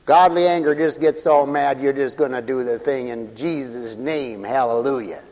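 A man's voice: mid-range voice, moderate pace, background noise. A man preaching a fervent sermon, calling out hallelujah and glory between points and laughing often. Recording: reverberant hall.

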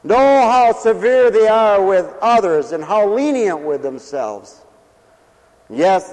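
Folksy guy preaching at a mission, kinda high voice, long hall echo, goes loud then soft and personal. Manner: folksy, talks directly to listeners with questions; swings between loud preaching and soft intimate talk. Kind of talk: sermon.

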